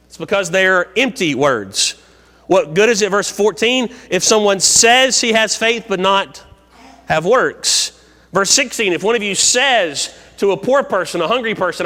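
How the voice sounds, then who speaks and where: A man's voice: sits high, bright, forceful tone. A man preaching a sermon, reading scripture verses aloud and explaining them phrase by phrase. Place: church sanctuary. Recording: long church hall reverb.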